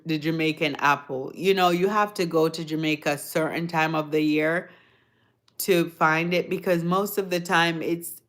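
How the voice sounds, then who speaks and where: A woman chats on her livestream, rambling through stories and answering viewers at an unhurried, drawn-out pace. Her voice sits a little low, and she sounds eager whenever she gets onto food. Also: a bit bright. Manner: chatty, rambling storyteller; enthusiastic about food. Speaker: livestream host. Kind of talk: casual chat answering viewers.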